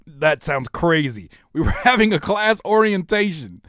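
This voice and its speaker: Male streamer, casual and animated, fairly high voice with a wide range, dry sound. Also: measured pace, few pauses, no echo. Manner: animated, rapping lines back and doing voice impressions. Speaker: rapper and producer reacting to viewer music. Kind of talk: casual live stream chat.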